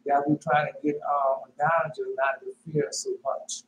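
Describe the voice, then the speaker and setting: A man's voice: level tone, unhurried, fairly bright tone. Emphatic preacher man in an echoey room. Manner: emphatic with rhetorical questions and repetition; pitch jumps sharply on emphatic words. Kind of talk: informal sermon with scripture reading. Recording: echoey room with faint noise.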